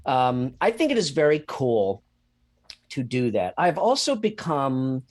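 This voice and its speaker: A man co-hosting a podcast who runs tabletop games, hedging every answer with caveats and wandering off on tangents. His pitch swings widely from line to line. He sits in an ordinary middle register. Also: very animated, measured pace. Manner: hedging, tangent-prone, self-deprecating. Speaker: podcast co-host, game master. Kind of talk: casual chat.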